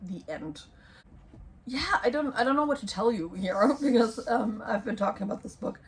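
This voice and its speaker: A young woman giving book recommendations in a casual vlog, rambling and hesitant with many ums and self-corrections, her voice going hoarse. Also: a little high, expressive, normal speed. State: losing her voice. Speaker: book vlogger.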